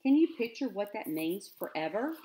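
A woman's voice: medium pitch, sing-song, normal speed, dark tone, close to an everyday voice. A woman voicing a weary, earnest rustic father who talks in plain country grammar. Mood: pleading.

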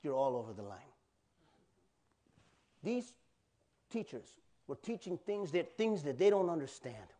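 An animated male pastor preaching in a fairly high voice. He talks in a loose, conversational way and often turns to quiz his congregation. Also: measured pace, long pauses. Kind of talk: sermon.

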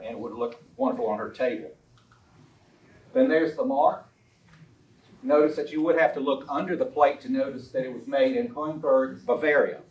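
A man's voice: mid-range voice, a little mellow. A man giving an illustrated lecture on a historical collection, chatty and anecdotal, with frequent ums and uhs. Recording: roomy sound from a distant mic.

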